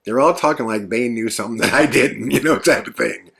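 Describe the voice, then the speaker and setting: A man's voice: mid-range voice, a little fast, vocal fry, fairly bright tone, husky. A man hosting a podcast, telling a story in a rambling, earnest, conversational way with lots of fillers. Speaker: podcast host. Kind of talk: casual storytelling monologue.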